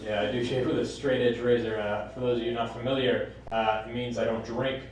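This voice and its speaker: A man performing a stand-up comedy set on stage, with a deadpan delivery that jumps into high squeaky voices when he quotes people. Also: brisk, background noise. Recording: live club recording from a distance, echoing room, crowd laughter. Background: audience laughter.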